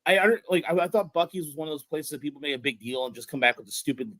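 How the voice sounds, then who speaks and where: Rambling, excitable man on a dry mic. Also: fairly high pitch, very fast, no room sound, rough recording. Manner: rambling, many restarts and fillers, excited storytelling. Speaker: podcast host. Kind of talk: casual sports podcast chat.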